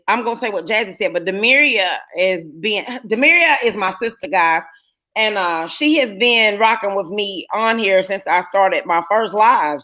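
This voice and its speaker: A woman's voice: medium pitch, sharp tone. A woman hosting a casual live-stream panel. She tells stories in a chatty way and acts out the lines she quotes.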